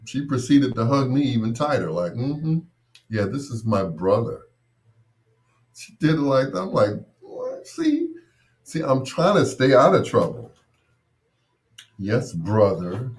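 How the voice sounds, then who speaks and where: A man hosting a show, telling rambling personal stories with frequent laughs and restarts. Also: lowish voice. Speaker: host. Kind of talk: casual storytelling.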